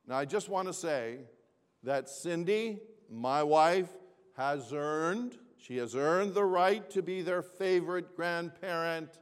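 Slow-spoken older man in a big hall. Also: fairly high pitch, smooth. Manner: repeats phrases, asks the audience to respond. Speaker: speaker telling a story to a gathering. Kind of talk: humorous personal story told to an audience. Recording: long reverb of a large hall.

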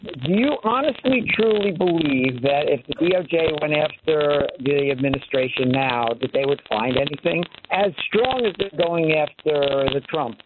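A man calling in to a radio talk show, asking a halting question full of false starts. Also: fairly high pitch, animated. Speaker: caller. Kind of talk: phoned-in radio call. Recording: tinny phone line with static.

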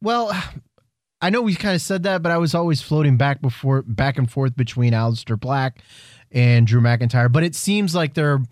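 A man with a mid-pitched voice argues his points in a relaxed podcast chat. He keeps pushing his partner with questions. The sound is dry and close to the mic. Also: normal speed, no echo. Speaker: podcast co-host. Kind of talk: casual wrestling chat.

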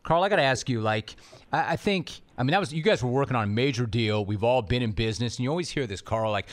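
A man's voice: medium pitch, lively intonation, fast talker. Enthusiastic male podcast host. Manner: enthusiastic, emphatic. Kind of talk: interview questions.

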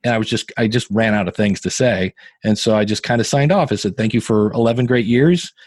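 A man in his fifties, a podcasting guest, telling animated, self-deprecating stories in a casual interview. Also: fairly low pitch, fairly quick, dry recording. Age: 50s.

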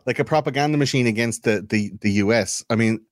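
A man's voice: mid-range voice, fast talker, no room sound. A young man chatting casually on a podcast, rambling, swearing freely and hunting for words. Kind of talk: casual chat.

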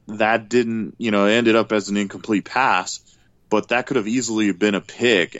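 Male co-host, lowish voice, halting delivery, dry and dull lo-fi mic. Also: fairly bright tone, dry recording. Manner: hesitant, many fillers and restarts. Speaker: podcast co-host. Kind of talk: casual sports podcast chat.

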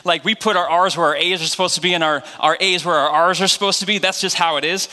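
A man's voice: high-pitched, fairly even intonation, quick pace, pushed and bright. A man with a New England accent preaching as a guest pastor in a church, casual and joking, full of fillers. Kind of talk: sermon. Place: church sanctuary. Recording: long hall reverb.

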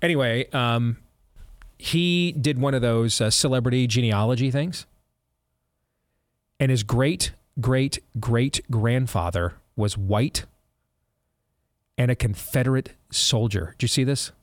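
A man's voice: mid-range voice, a little slow, long pauses, dry recording. A male talk show host chatting casually and reading an ad, rambling and breaking off into asides. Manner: rambling, self-interrupting, chuckling asides. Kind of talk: casual talk radio chat and ad read.

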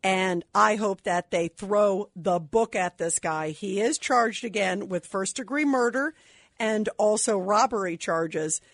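A woman's voice: medium pitch, unhurried, no echo, clean studio sound. A woman hosting a talk radio show, indignant and emphatic as she takes calls. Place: radio studio.

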